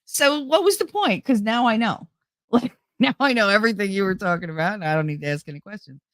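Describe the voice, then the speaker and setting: A middle-aged woman hosting a livestream, telling family stories in a casual, animated way and acting out her relatives' voices with frequent laughter. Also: mid-range voice, quick pace, dry recording. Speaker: livestream host. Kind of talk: casual storytelling chat.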